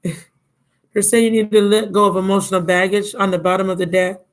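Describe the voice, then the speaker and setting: This is a rough recording of a woman reading tarot live, her mid-range voice level and paced normally. She sounds drained, yawns, and keeps things blunt and casual, with plenty of "baby" and "my love" for her listeners.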